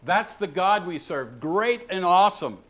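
Brief: male pastor mid-sermon, emphatic, slightly high pitch. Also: animated, a little slow, fairly bright tone. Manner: emphatic, rising to exhortation.

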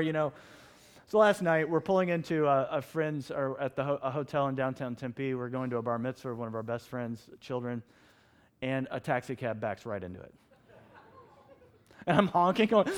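A middle-aged man preaching in a church sanctuary, with a voice pitched a touch high for a man. He tells stories with lively energy and acts out his own shouted lines. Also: a little fast. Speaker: pastor. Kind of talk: sermon.

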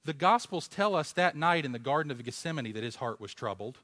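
A man preaching a sermon, asking rhetorical questions and swinging from a hush to loud emphasis. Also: on the high side, animated, brisk.

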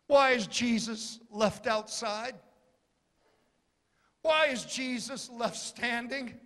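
Male preacher, very high voice, slow deliberate passionate sermon delivery, in a reverberant hall. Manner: impassioned, rising to shouts and dropping low.

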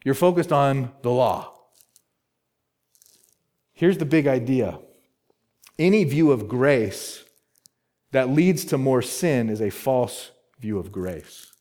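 A man's voice: mid-range voice, animated, slow, long pauses, dark tone. A male pastor preaching an expository sermon, emphatic, repeating key words and asking rhetorical questions.

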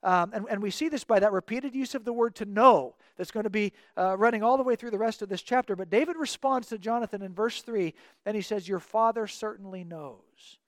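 Guy with a highish voice doing bible teaching, earnest, explains stuff, acts out the quotes, dry sound. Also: a little fast, no echo.

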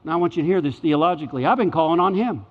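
High-voiced preacher in an echoing hall. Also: male voice, animated, rapid-fire. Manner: emphatic, repeats key phrases, swings between loud and hushed. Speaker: pastor. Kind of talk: sermon. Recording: dull sound with long hall reverb.

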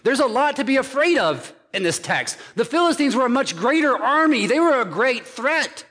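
A man's voice: very high-pitched, very animated, normal speed, bright, forceful tone, in a large hall. A man preaching a sermon as pastor, driving his points home with emphatic repeated phrases.

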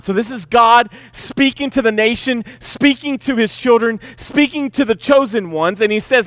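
Male pastor, high-pitched, emphatic sermon delivery, dry recording. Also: fairly bright tone, no echo. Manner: emphatic, repeats key words, slows to stress points.

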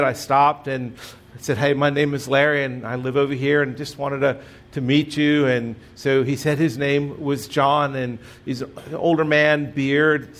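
With a medium-pitched voice, a middle-aged man preaches as pastor, telling his stories conversationally and leaning on self-deprecating humor.

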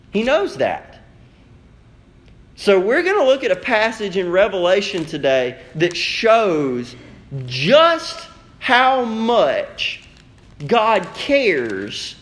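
A young man preaching a sermon as pastor, telling a family story in a lively way and acting out quotes. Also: on the high side. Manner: storytelling, animated, acts out quotes.

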